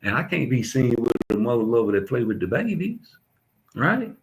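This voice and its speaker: A man's voice: medium pitch, sing-song, normal speed, slight background noise, low-quality recording. A young adult man, ranting bluntly and profanely in street slang as a commentator. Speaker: YouTube commentator. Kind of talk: casual ranting monologue.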